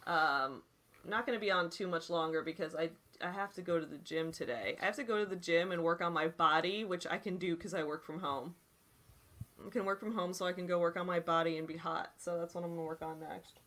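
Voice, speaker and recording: A woman in her twenties hosting a casual chat and reading articles aloud, animated and chatty, full of "like" and "dude". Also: fairly low pitch, fairly quick.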